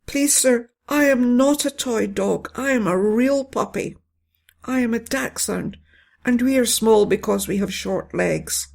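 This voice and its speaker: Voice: medium pitch, measured pace, vocal fry, hardly any pauses, darkish tone. A storyteller voicing a small, polite male dachshund puppy who is close to tears in a bedtime story. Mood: earnest.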